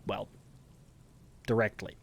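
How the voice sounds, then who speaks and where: A man's voice: takes it slowly, no echo. A man live-streaming a game, commenting casually in a rambling, self-interrupting way.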